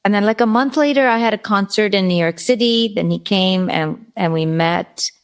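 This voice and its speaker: A woman's voice: medium pitch, normal speed, clear, resonant tone. A middle-aged woman, a guest vocalist, telling a long story in an interview and often correcting herself as she goes. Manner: rambling, self-correcting storyteller.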